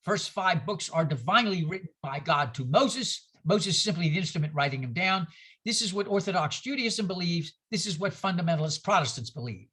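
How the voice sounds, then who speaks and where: At a church gathering, a minister leads a conversational Bible study in a bright, edged, slightly husky voice at a middle pitch. He talks a little fast and animatedly, throwing pointed rhetorical questions at his listeners.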